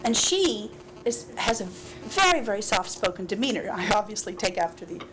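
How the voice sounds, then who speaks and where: A woman leading a parenting workshop, talking to parents in a lively, laughing way and often acting out little dialogues. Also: medium pitch, normal speed, poor audio. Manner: animated, laughing, acts out dialogues. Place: school workshop room. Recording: heavy hiss with clicks, 2000s local TV.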